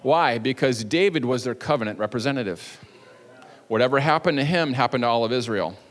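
A man's voice: mid-range voice, lively intonation, a little fast, big-room sound. A male pastor preaching a sermon in a church, telling a story with jokey asides and playful energy. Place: church sanctuary.

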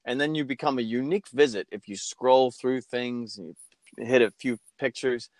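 A man's voice: medium pitch, moderate pace, no echo. A man from Portland, a guest in a casual interview, chatty and jokey, telling anecdotes.

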